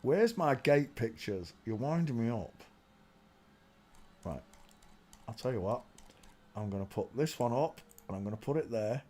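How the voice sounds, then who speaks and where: A man's voice: medium pitch, expressive, unhurried, long pauses, mellow. Ranting man on a livestream. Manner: ranting, muttering to himself while searching on screen. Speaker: livestream host. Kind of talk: rambling livestream monologue addressing chat.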